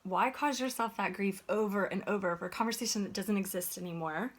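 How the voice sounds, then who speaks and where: A woman's voice: mid-range voice, a little fast. A woman giving an earnest, conversational motivational talk as a life coach, often checking in with "right?".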